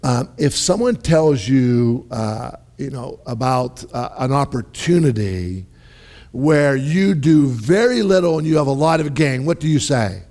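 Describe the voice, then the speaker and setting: A man preaching a sermon in a lively, conversational way, often checking in with his listeners and restarting his phrases. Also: medium pitch, unhurried. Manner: animated, conversational, with repeated "right?" and restarts. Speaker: pastor.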